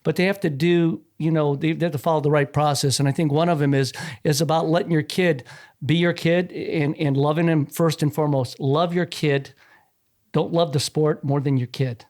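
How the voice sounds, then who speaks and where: Middle-aged dad rambling through a story, slightly high voice, voicing the back-and-forth. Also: male voice, steady tone, moderate pace, darkish tone. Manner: chatty, acts out quoted dialogue. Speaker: wrestler's father. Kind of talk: anecdotal storytelling.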